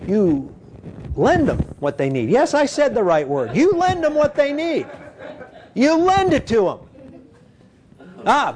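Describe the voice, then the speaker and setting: A man preaching a conversational sermon, animated and full of "you know", acting out quoted voices. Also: a little hiss or hum. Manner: animated, acts out quoted voices with big pitch jumps.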